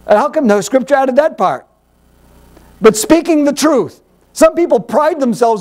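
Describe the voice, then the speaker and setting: A man with a very high voice delivering a sermon. His pitch swings widely as he teaches, and he drives each point home with rhetorical questions and repetition. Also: expressive, moderate pace, a little mellow. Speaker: Bible teacher.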